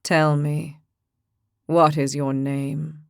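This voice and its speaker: A solemn, commanding oracle speaks in a low, deliberate voice, put on by a woman narrating an audiobook. Each word falls slowly and gravely. The sound is dry and close. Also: flat delivery, a little mellow, no room sound, heavily acted. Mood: stern.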